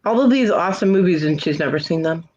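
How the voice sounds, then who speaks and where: A woman's voice: fairly low pitch, fast. Chatty woman hosting a lo-fi stream. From United States. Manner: chatty and animated, laughs often. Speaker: host of a live hangout stream. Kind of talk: casual chat.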